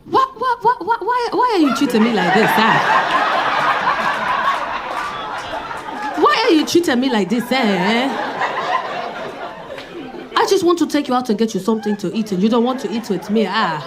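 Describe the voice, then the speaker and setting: A blunt, flirty African man, put on by a woman with an African accent, pleading and heaping on clumsy compliments. His voice swings high and low. It comes over a live mic, with a laughing crowd and noise behind it. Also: sing-song, fairly quick.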